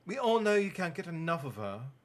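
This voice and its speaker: A man's voice: a little high, very animated, brisk, voice pushed up. A man voicing a sulky, irritable teenage girl in a storybook reading. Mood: scornful.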